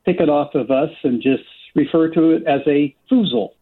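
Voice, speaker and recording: A middle-aged man calling into a radio show, speaking slowly and haltingly over a phone line. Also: on the high side, crowd noise. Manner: slow, halting. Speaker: caller.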